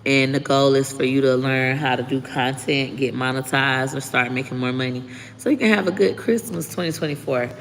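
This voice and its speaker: A woman talks straight to her live-stream viewers, blunt and unfiltered, swearing freely between thank-yous to commenters. Her voice has a gravelly fry, and it rings with a long reverb against a faint background hum. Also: extremely low pitch, a little fast. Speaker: livestreaming content creator. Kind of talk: casual live-stream chat reading comments.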